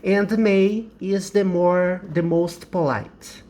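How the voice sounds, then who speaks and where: A man's voice: high-pitched, steady tone, slow pace, dark tone, slight background noise. A man with a Brazilian Portuguese accent teaching an English lesson, explaining carefully and repeating example sentences.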